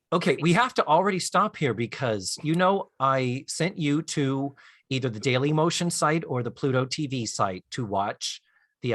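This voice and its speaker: Lively, bright-voiced male podcast host. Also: medium pitch, no echo, studio quality. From Florida, US. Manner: animated storyteller, acts out lines and hums tunes. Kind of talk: casual chat.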